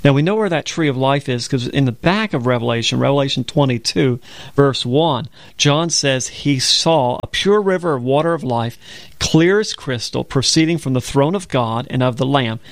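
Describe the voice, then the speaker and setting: A man's voice: medium pitch, lively intonation, moderate pace, dry recording. A man co-hosting a radio Bible program, explaining verses in an earnest, storytelling way.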